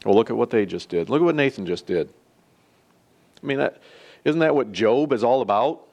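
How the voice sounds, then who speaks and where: A man's voice: mid-range voice, expressive, a little fast, creaky, a little mellow, muffled recording. A man teaching a Sunday school lesson, telling a parable and stressing points by repeating them. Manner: emphatic, repeats key points. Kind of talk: sermon storytelling.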